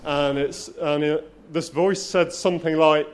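A man's voice: on the high side, fairly even intonation, clear, resonant tone. Wry self-mocking male storyteller. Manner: self-deprecating, wry, halting with frequent restarts. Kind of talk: live spoken-word storytelling.

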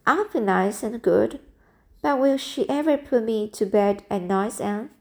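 A mischievous little boy from a storybook, stating odd things flatly and stumbling over restarts, as a woman reader puts him on. The voice sits a little higher than the reader's own and stays soft and mellow. The delivery is slow and unhurried. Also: vocal fry. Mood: curious. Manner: matter-of-fact, halting with restarts. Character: eight-year-old boy, blunt and mischievous. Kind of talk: amateur audiobook reading.

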